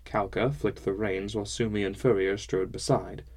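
A man narrating a first-person fantasy novel in a measured, wry storytelling manner. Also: on the low side, fairly even intonation, darkish tone. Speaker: audiobook narrator.

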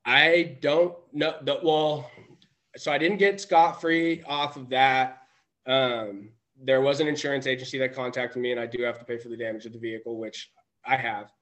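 A man's voice: medium pitch, steady tone, moderate pace, a bit bright. A man telling a personal story as a podcast guest, rambling with many restarts and self-corrections. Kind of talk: casual storytelling.

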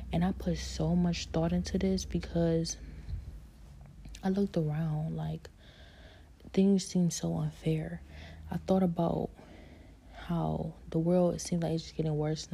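A woman tells her faith story in a low, dark, husky voice with a gravelly edge. She speaks softly and haltingly, often dropping into a whisper, and leans on "like" and "you know". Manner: soft, halting, slipping into whispers. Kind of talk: personal faith testimony.

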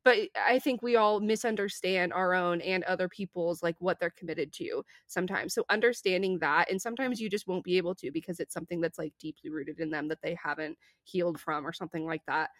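A young woman co-hosting a podcast, earnest and reflective, animated when telling stories. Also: lowish voice, brisk, hardly any pauses, no echo, studio quality. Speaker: podcast co-host. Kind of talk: casual podcast chat.

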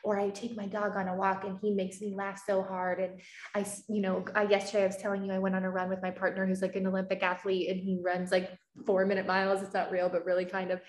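A woman's voice: mid-range voice, completely flat delivery, quick pace. A woman from the Midwest chats candidly, telling stories as a coach in casual conversation. Her voice sits in the middle of the range for a woman. The sound has a roomy echo. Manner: candid, storytelling with acted quotes.

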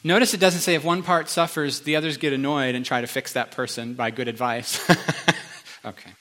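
A man preaching to a church in an earnest, emotional style that stays conversational. His voice is bright and forceful, with a middle pitch for a man. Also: fairly even intonation, fairly quick. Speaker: pastor. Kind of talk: sermon.

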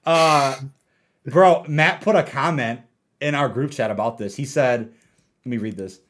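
A man's voice: mid-range voice, measured pace, fairly bright tone. A young man casually ranting and reading out viewer comments on a gaming livestream, laid-back and laughing often.

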